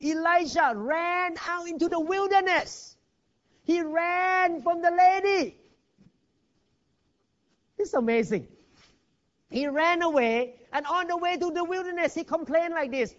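High-voiced male pastor preaching a sermon. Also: slow pace, pauses often. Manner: emphatic, swinging between loud and hushed; non-native English grammar. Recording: dull lo-fi recording.

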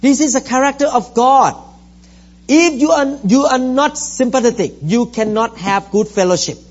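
Man, middle-aged, pastor; high voice, emphatic repetitive sermon, dull lo-fi recording. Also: moderate pace. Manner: emphatic, repetitive preaching with scripture reading.

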